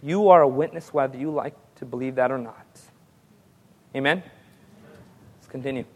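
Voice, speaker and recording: A man preaching a sermon, telling stories and rising to excited peaks with call-and-response amens. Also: normal speed. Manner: storytelling, builds to excited high-pitched peaks. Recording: long hall reverb.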